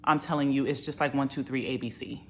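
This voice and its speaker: A woman's voice: very deep voice, fairly even intonation, fast, a little hiss or hum. A woman and nurse talking casually and with emphasis about a study course, repeating her points. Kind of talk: casual review talk.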